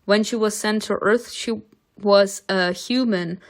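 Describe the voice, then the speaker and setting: A woman reading a story game aloud and narrating, with expressive reading broken by chatty asides. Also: mid-range voice, unhurried. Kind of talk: reading a visual novel aloud with commentary.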